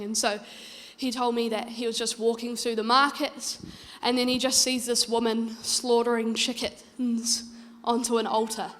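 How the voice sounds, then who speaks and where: A woman's voice: fairly high pitch, little pitch movement, moderate pace, a bit bright, long reverb tail. A woman preaching a sermon, earnest and urging, telling stories in a conversational way. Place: church.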